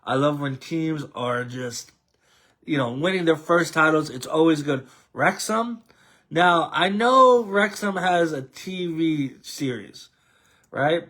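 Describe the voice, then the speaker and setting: A man's voice: on the high side, animated, slow pace, sharp tone. An American man hosting a casual sports chat, rambling and addressing his co-host with many fillers. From United States. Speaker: podcast host.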